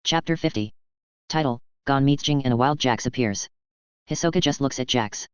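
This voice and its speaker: A man narrating a fan-fiction audiobook in an even, plain reading voice. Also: medium pitch, moderate pace, smooth, dry recording. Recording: dull, dry lo-fi sound.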